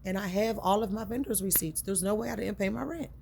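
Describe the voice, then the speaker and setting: A woman's voice: medium pitch, fast, vocal fry, a little mellow, a little hiss or hum. A woman earnestly telling a personal story in a conversational, emotional way, often repeating herself for emphasis.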